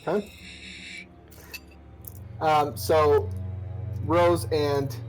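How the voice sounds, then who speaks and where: Dungeon master guy, rambly, lots of ums, kinda high voice, quiet music behind. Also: level tone, extremely slow, rough recording. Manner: rambling, many fillers and restarts. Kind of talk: narrating a tabletop game.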